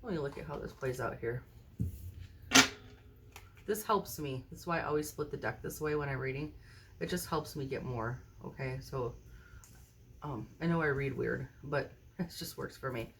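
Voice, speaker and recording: A woman doing a casual tarot reading to camera at a table indoors, recorded on a phone mounted high overhead, chatting and often checking in with the viewer. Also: normal speed, gravelly, pauses often, a little hiss or hum. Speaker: tarot card reader.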